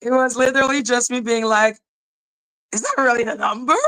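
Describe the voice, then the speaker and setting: A woman hosting a podcast, telling a story in casual chat, excitable and animated, swearing and laughing as she retells it. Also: fairly high pitch, a little fast, rough recording. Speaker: podcast host.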